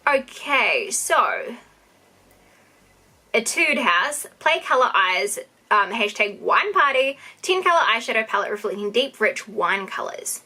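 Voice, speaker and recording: A young woman with a New Zealand accent gushing excitedly through an unboxing vlog. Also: fairly high pitch, unhurried. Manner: gushing, excitable, gasping and squealing. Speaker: YouTuber.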